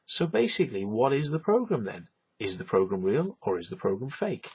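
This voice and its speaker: A man's voice: medium pitch, sing-song, a little fast, darkish tone, slightly rough, lo-fi sound. A man ranting on his vlog, profane, sarcastic and rambling. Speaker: vlogger. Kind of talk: ranting monologue.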